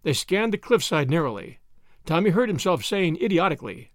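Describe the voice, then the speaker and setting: Man reading a novel aloud, lively ups and downs, slightly high voice, dry close mic. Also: fairly quick, no room sound. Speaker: audiobook narrator. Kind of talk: scripted narration.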